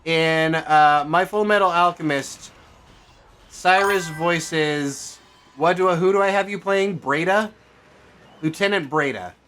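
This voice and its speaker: A man's voice: fairly high pitch, slow pace, fairly bright tone. A man streaming a game, chatting casually and thinking aloud as he plays, rambling and correcting himself as he goes. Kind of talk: casual gameplay commentary.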